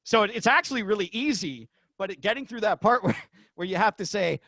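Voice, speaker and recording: A middle-aged man, a former arena announcer, telling stories as a podcast guest in an excitable way. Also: sits high, brisk, no room sound. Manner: excitable, acts out shouted quotes. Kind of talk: animated storytelling in a podcast interview.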